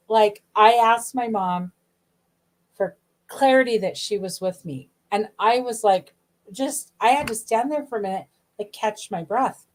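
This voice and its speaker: Casting note: middle-aged female host, chatty storyteller, mid pitch, lots of quoted back-and-forth. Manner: chatty, animated, many asides and quoted dialogue. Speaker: podcast host. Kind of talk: casual storytelling.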